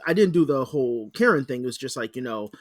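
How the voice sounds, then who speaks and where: A man's voice: animated, quick pace, dry recording, studio quality. Wry man telling stories on a podcast. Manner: wry, disgusted groans, low-key storytelling. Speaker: podcast co-host. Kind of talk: casual chat.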